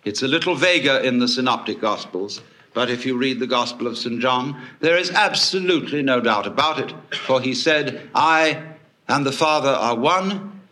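A man giving a public lecture to an audience, telling stories in a wry, animated way with swooping emphasis. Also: mid-range voice, moderate pace.

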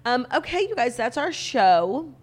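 A woman's voice: a little high, very animated, unhurried. A young adult woman co-hosting a podcast in casual chat, making wry, dry quips. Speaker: podcast co-host.

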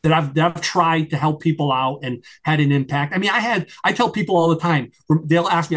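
An older man talking as a guest in an interview, rambling with many restarts and climbing higher when worked up. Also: a little fast, fairly bright tone. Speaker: guest, retired FBI agent and attorney. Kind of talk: conversational interview.

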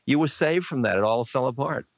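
A man's voice: mid-range voice, expressive, brisk, background noise. A man in his sixties giving a live dharma talk, answering audience questions in a conversational, playful, searching way with chuckles and asides. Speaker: spiritual teacher. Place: lecture room with a live audience.

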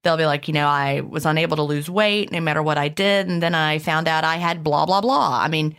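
A woman co-hosting a podcast, chatting in an animated way with many "you know" fillers and reading out listener questions. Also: sits low, fairly quick, clear, resonant tone. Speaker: podcast co-host.

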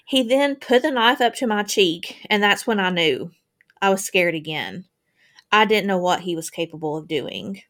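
A woman's voice: medium pitch, expressive, moderate pace, fairly bright tone. A woman reading a true crime case aloud on a podcast. Her delivery stays casual and conversational, and she voices long first-person accounts between asides. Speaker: podcast co-host.

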